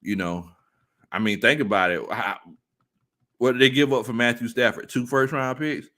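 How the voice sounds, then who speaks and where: A man hosting a casual sports talk stream, reading viewer comments aloud and laughing often. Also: moderate pace. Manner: animated, laughs often, jumps into high-pitched squeals. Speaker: sports talk show host.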